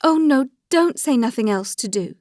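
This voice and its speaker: A woman reading the part of an anguished noblewoman who pleads for her friend, her voice climbing high in distress. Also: normal speed, darkish tone, no echo, studio quality, natural voice. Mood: pleading.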